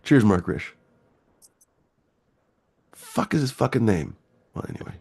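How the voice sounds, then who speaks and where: A man's voice: lowish voice, sing-song, a little slow, creaky, darkish tone, husky. A man hosting a live-stream show, talking in a rambling, easygoing way with a lot of swearing. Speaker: host. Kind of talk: casual live-stream chat.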